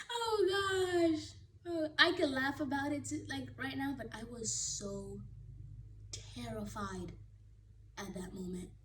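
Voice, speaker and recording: A woman with a fairly high voice tells a personal story to her viewers in a casual, lively way. She leans into the drama and swings between energy and quiet. A faint hiss sits under her voice. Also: unhurried. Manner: animated, dramatic retelling. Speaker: vlogger.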